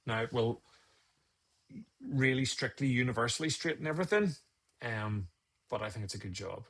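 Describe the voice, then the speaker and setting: Gravelly, husky man talking through an edit. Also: medium pitch, animated, normal speed, a bit bright. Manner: rambling, chatty, thinks aloud with restarts. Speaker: photography instructor streaming live. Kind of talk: casual live-stream tutorial.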